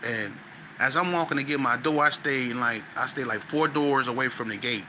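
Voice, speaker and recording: A man, a podcast guest, tells a story in a lively, slangy way and acts out scenes with sound effects. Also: mid-range voice, brisk, background noise. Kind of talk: animated storytelling.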